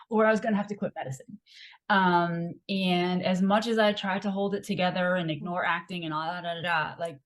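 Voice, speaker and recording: A young adult woman, a podcast guest, telling a candid and emotional personal story with many fillers. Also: lowish voice.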